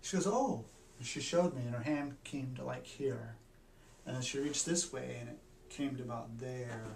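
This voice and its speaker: A man, a doctor, telling a personal story in an earnest, halting way, with many restarts. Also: mid-range voice, fairly even intonation, vocal fry, darkish tone, a little hiss or hum. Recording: echoey room, mic at a distance.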